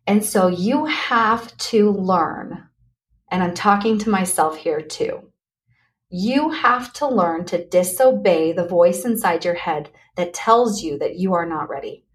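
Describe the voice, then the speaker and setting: Earnest woman podcaster giving a pep talk. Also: on the low side. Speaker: podcast host. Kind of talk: solo motivational podcast talk.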